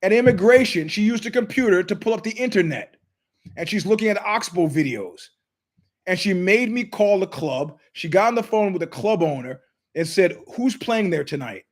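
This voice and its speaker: Animated high-voiced male show host. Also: moderate pace. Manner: emphatic, digressive, acts out quoted voices. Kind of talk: animated storytelling monologue.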